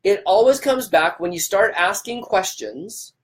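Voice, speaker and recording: A man's voice: high voice, animated, measured pace. A man hosting a live stream, fired up and emphatic. He repeats himself for emphasis and greets viewers by name. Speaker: livestream host.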